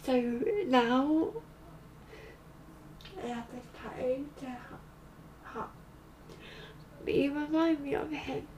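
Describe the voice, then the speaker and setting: A woman vlogger telling a personal story in a halting way, full of fillers. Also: high-pitched, steady tone, a little mellow, a little hiss or hum. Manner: halting, slow, with many fillers. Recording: roomy, distant mic.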